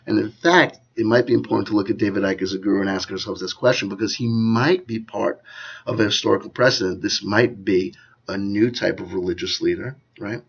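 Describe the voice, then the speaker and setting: A man's voice: on the low side, steady tone, fairly quick, vocal fry, slightly rough, dull audio. A man hosting his own channel, talking in a loose, digressive way and constantly checking in with "you know" and "okay?". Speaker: channel host. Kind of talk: rambling commentary to camera.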